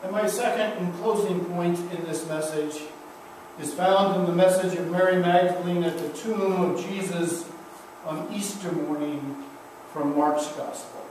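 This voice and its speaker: Slow, high-voiced pastor in echoing church. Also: male voice, steady tone, darkish tone, slight background noise. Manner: slow, emphatic preaching with repeated refrains. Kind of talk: sermon. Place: church sanctuary. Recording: echoey church from a distance.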